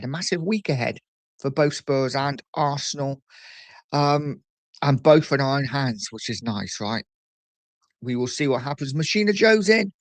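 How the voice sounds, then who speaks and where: A man's voice: on the high side, no room sound. Chatty man hosting a livestream. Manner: chatty, reads out viewer messages. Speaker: livestream host. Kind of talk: casual live chat.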